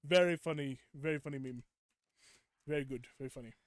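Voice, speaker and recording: A young man with a fairly high, smooth voice chats casually while streaming a game. He rants at his viewers in playful, mock-indignant bursts. The sound is close and dry, with almost no room around it. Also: a little fast, no echo. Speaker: gaming streamer. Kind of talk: casual live gameplay chat.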